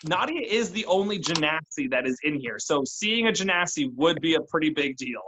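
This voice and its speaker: A man's voice: a little high, animated, brisk, pushed and bright, low-quality recording. A man running a tabletop role-playing game, narrating and chatting casually with his players. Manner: casual, chatty, with restarts and laughs. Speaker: game master.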